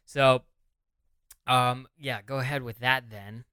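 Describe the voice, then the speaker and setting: A man co-hosting a podcast in a relaxed, wry way. His voice is smooth and clear and sits at a middle pitch, and the recording is dry. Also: slow pace, no room sound. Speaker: podcast co-host. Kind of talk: casual chat.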